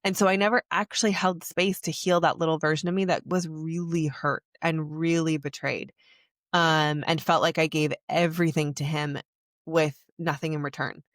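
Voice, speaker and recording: A woman's voice: deep voice, fairly even intonation, moderate pace, no echo, studio quality. A young adult woman hosting a podcast, telling a personal story in a confessional way with many filler words. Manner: confessional, heavy use of "like" fillers. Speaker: podcast host.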